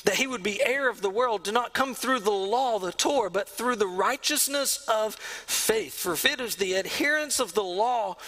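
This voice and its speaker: A man preaching a sermon as the pastor of a church, earnest, sometimes dropping to a hush. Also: high voice, moderate pace, hardly any pauses, low-quality recording. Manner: earnest preaching, drops to a hush on key lines. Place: church sanctuary.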